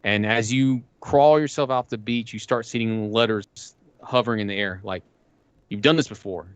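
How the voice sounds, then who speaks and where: A podcast co-host rambles casually about video games, retelling scenes and acting out quoted lines with plenty of swearing. His mid-range voice has a clean tone and fairly even intonation at a moderate pace, with no echo.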